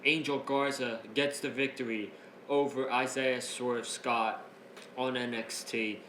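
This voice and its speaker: Excitable, laughing man recapping a wrestling show. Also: mid-range voice, takes it slowly, slight background noise. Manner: laughs often, breaks up while retelling; excitable, rambling, with restarts. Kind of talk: casual recap. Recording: roomy echo, faint ambience.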